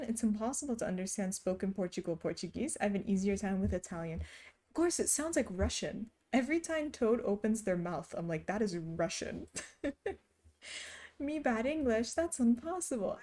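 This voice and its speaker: A woman's voice: medium pitch, expressive, normal speed, warm tone. A woman streamer chatting casually and reading her chat aloud, often laughing as she talks.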